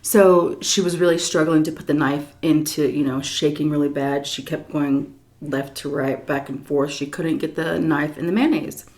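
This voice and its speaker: A woman's voice: low voice, normal speed. Chatty woman telling a story while eating. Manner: chatty and animated, with fillers. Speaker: vlogger.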